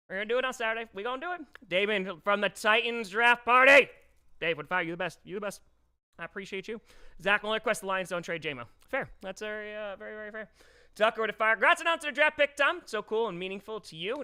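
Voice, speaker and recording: A man's voice: high voice, smooth. A man hosting a live stream in a rented studio, talking casually and energetically while reading viewer messages aloud. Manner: energetic, chatty, fussing over audio settings and reading viewer messages aloud. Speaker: livestream host.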